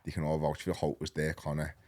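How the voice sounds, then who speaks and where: A man in his thirties with a Liverpool accent, a podcast guest telling his story in a rambling, animated, slang-heavy way. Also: rumbling low, fast. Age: 30s. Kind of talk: casual storytelling.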